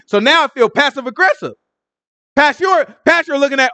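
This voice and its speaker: A man's voice: very high voice, a little fast, no room sound. A man teaching a casual Bible study, acting out the people in the scripture and sometimes stuttering. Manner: animated, acts out scripture figures, stutters.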